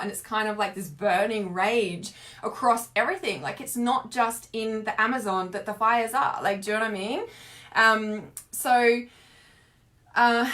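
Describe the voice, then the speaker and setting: A woman's voice: on the high side, a bit bright. A woman talking casually on a live stream as a spiritual coach, rambling and filling her speech with "like". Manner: rambling, heavy use of "like", frequent laughs. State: teary from earlier crying.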